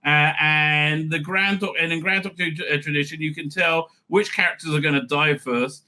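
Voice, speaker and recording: A man's voice: a little high, moderate pace. A man hosting a review show, giving opinionated commentary full of fillers, restarts and sarcastic asides. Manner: animated, many fillers and restarts.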